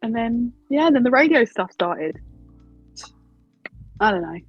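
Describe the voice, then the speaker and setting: A young woman with an Essex accent talks openly in an interview, chatty and quick to laugh. Her voice is a little husky, and the sound is dry and slightly muffled. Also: fairly high pitch, animated, no room sound, soft background music. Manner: chatty, candid, laughs easily. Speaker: wrestling announcer and interviewer. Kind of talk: casual interview answers.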